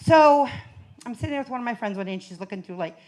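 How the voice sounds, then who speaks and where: A brash, profane woman working a comedy club crowd through a handheld mic. Her voice sits high and swings wildly up and down, and she keeps laughing through her own punchlines. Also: expressive, quick pace, darkish tone. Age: 40s. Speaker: stand-up comedian. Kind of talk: stand-up comedy set.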